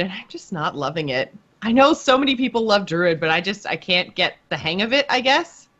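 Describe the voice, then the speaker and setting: A woman's voice: medium pitch, fairly bright tone. A woman co-hosting a podcast, chatting about a game in a giggly, talkative way full of likes and ums. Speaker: podcast co-host. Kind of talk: casual gaming chat. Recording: dull lo-fi sound.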